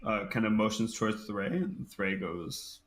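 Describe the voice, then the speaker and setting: A man runs a tabletop game online, talking in a fairly low voice and stopping often on ums and uhs. His voice carries a roomy echo with faint noise behind it. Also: moderate pace, fairly bright tone. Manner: hesitant, many ums and uhs. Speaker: game master. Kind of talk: narrating a tabletop game and voicing characters. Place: home room, online game.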